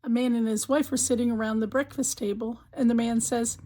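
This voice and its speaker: Telling marriage jokes in countdown form, this channel host builds steadily toward every punchline. She speaks briskly with hardly any pauses, in a mellow, slightly high voice with a steady tone, and the recording is rough.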